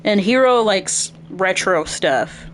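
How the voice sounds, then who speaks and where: A woman's voice: medium pitch, animated, slow, a little hiss or hum. A woman casually commentating while streaming a video game, chatty and thinking aloud.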